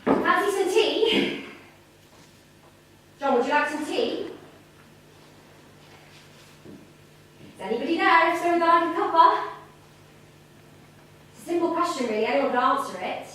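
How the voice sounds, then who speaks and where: A woman's voice: very high voice, expressive, moderate pace, long pauses, fairly bright tone. An actress playing a strained wife and mother who sounds tense and weary, in a stage drama. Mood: brittle. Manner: tense and weary, fighting to stay composed. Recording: echoey hall from far off, faint noise.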